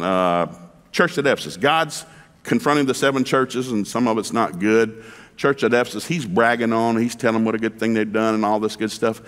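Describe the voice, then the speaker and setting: A man's voice: lowish voice, a bit bright, long reverb tail. A middle-aged male pastor telling a funny story in a sermon, folksy and acting out the people in it. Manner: folksy, fast, acts out the people in his stories.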